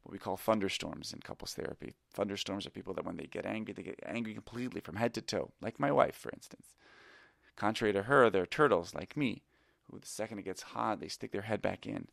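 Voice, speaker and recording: A man's voice: on the low side, fairly quick, vocal fry, fairly bright tone, no room sound, studio quality. A middle-aged man who teaches improv tells a personal story in a reflective, candid and self-critical way. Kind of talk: confessional storytelling.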